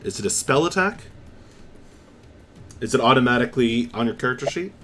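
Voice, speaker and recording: A man's voice: medium pitch, animated, fairly quick, noisy background. A man running a live-streamed tabletop game as game master, narrating vividly with frequent fillers.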